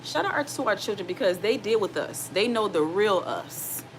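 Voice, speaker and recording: A woman's voice: mid-range voice, lively intonation, normal speed, rough recording. A woman in her thirties, a single mom giving casual, earnest advice straight to her viewers. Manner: earnest, direct, addresses viewers as y'all. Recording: noticeable background noise.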